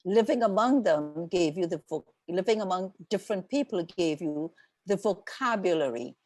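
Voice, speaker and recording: An older woman from Trinidad with a Trinidadian accent, an author talking through her memories and ideas in a reflective, unhurried way during an interview. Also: lowish voice, animated, darkish tone, dry recording. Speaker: author guest. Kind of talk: conversational interview.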